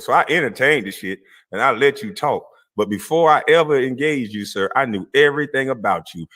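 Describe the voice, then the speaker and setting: A man's voice: medium pitch, pushed and bright. A man ranting on a livestream, profane, mocking and confrontational, laughing scornfully between lines. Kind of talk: heated livestream rant.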